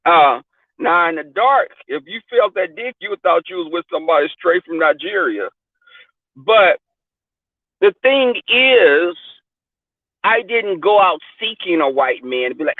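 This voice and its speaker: A man chatting candidly as a podcast host, blunt and profane, telling lively stories. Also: high voice, measured pace, no room sound. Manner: blunt, profane, animated storyteller. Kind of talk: candid casual chat. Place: car. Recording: dry tinny phone-like sound.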